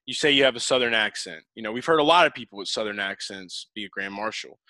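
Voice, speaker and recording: A male podcast host with a bright, forceful tone that jumps around lively in pitch. He talks in a teasing, playful way, often restarting his sentences, and the sound is close and dry. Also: quick pace, no room sound. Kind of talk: casual chat.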